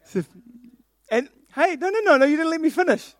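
A young man delivers a sermon in a playful, jokey way, turning to speak straight to his listeners. His voice sits noticeably high. The sound is close and dry. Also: animated, brisk, no echo. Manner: playful, jokey, addressing the congregation. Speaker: preacher.

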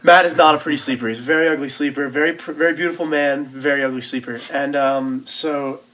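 A band member in his twenties rambles casually through tour stories, full of loose slang, fillers, and restarts. His voice is a little high and a bit bright, with a steady tone and a quick pace.

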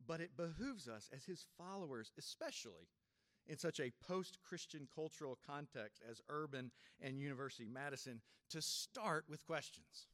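Reflective pastor preaching, soft laughs. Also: male voice, on the high side, dry recording. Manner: reflective, unhurried, with soft laughs and sudden shifts from loud to quiet. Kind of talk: sermon.

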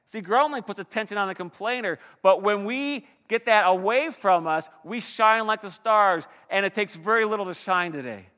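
A pastor preaching a sermon with dynamic delivery, swinging between soft and loud passages. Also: male voice, high-pitched, normal speed, hardly any pauses, long reverb tail.

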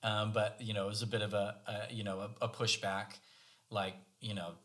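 This podcast co-host is a man with a fairly low, slightly bright voice, speaking at a moderate pace in a level tone. He tells a story about himself in a casual, wry, self-deprecating way during the conversation.

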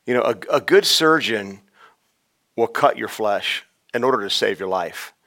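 A man preaching a sermon on a podcast, swinging between loud urgent exhortation and hushed, intimate storytelling. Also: on the low side, lively intonation, a little slow, creaky. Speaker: pastor. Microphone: podcast microphone.

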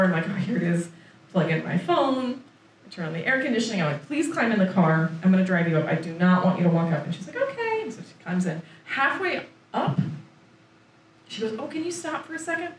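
Animated woman telling a story, roomy distant sound. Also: mid-range voice. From Florida, USA. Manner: animated, laughing, acts out her own lines. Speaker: author on book tour, guest. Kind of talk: casual storytelling chat. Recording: roomy echo, distant mic, faint noise.

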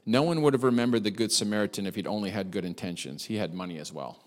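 Fast-talking pastor in a reverberant hall. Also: male voice, on the low side. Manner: animated, chatty, self-deprecating humor. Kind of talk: sermon with storytelling.

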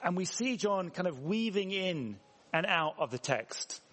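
An English man preaches in a reverberant church hall, his high-pitched voice swinging widely in pitch. He keeps a measured pace and a slightly bright tone, speaking conversationally and posing questions to the congregation.

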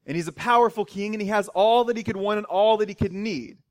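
Casting: male pastor, relaxed conversational sermon with dry humor, high voice, dry close sound. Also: quick pace, no echo. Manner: conversational, wry asides.

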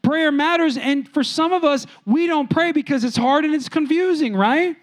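A man's voice: very high voice, moderate pace. A man preaching a sermon as a pastor, telling stories and speaking directly to his congregation. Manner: animated storytelling preacher, talks to the room directly.

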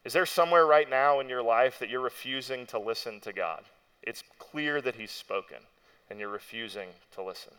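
A man's voice: medium pitch, normal speed, pushed and bright, clear, resonant tone. A young adult man giving a sermon as pastor, preaching in a conversational storytelling way with frequent asides to the listeners.

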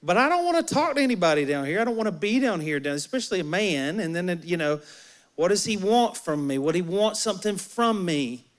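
Pastor doing a fed-up sarcastic woman at the well, kinda high and quick, not hiding the eye-roll. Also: animated. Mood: wary. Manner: sarcastic, exasperated.

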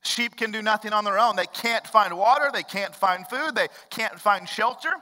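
A young adult man preaching a sermon as pastor, conversational, jumping from loud bursts to hushed low lines. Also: normal speed, long reverb tail, low-quality recording.

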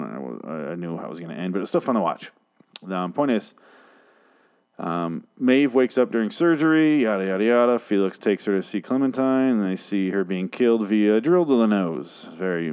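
A man's voice: lowish voice, darkish tone. A man casually recapping a TV episode, rambling and swearing, mocking himself as he goes. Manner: profane, rambling, self-mocking. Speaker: show recapper.

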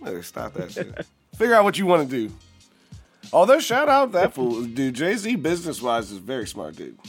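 A man's voice: on the high side, sing-song, moderate pace, soft background music. A man hosting a casual chat show, laid-back and joking, often acting out little quotes. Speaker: host.

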